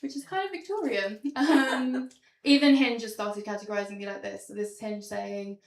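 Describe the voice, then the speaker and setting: A young woman performs stand-up comedy with slides in a small theatre, her mid-range voice at normal speed. Her humor is wry and self-deprecating, with lots of ums, and the recording sounds roomy and distant.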